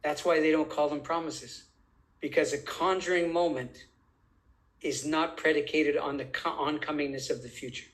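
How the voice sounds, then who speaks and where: A man with a somewhat high voice for his sex, talking as a guest in a conversational interview. He is insistent and emphatic, and he leans on rhetorical questions. He slows down to stretch out key phrases. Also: steady tone, fairly bright tone, rough recording. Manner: deliberate, drawn-out phrasing.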